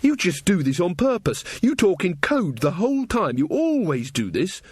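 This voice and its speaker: A prickly young witch woman, voiced by a male narrator, quick to snap. Her lines come out indignant and a little raised in pitch, lively in their rise and fall. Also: breathy edge, dry recording, exaggerated voice. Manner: snappy, indignant.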